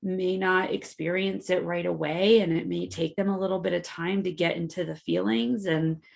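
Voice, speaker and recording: A woman co-hosting a podcast, talking thoughtfully and emotionally, pausing to search for her words. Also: fairly low pitch, fairly even intonation, vocal fry. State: emotional, near tears. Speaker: podcast co-host. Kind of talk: reflective casual conversation.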